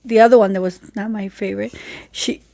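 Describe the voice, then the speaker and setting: A woman's voice: medium pitch, steady tone, fairly quick, creaky, mellow. A woman co-hosting a podcast, telling a family story in casual chat and wandering into long explanations. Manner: rambling, over-explains asides. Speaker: podcast co-host.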